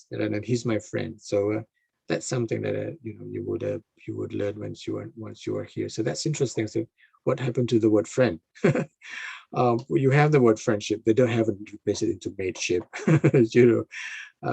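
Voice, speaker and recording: Guy giving a talk over a video call, low gravelly husky voice, lots of ums and restarts. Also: mellow, dry recording. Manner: hesitant, many fillers and restarts. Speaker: guest speaker. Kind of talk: online talk to a club.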